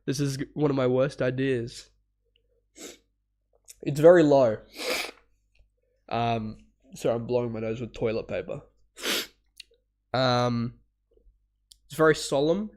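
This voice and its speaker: A man's voice: mid-range voice, darkish tone. A man with a cold, sniffling and stuffy, rambling casually through a live reaction stream, laughing, swearing now and then, and humming bits aloud. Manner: hums parts aloud.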